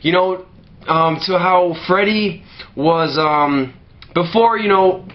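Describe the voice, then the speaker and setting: A man's voice: high-pitched, slow pace, highs cut off. A man delivering a profanity-laced movie rant to camera, filling his talk with "you know" and restarting his sentences. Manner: heavy swearing, many "you know" fillers, restarts. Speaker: movie ranter.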